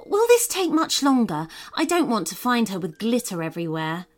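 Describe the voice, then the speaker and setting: A woman's voice: on the high side, very animated, moderate pace. A woman voicing a busy, distracted mother in a children's story, fussing and flustered.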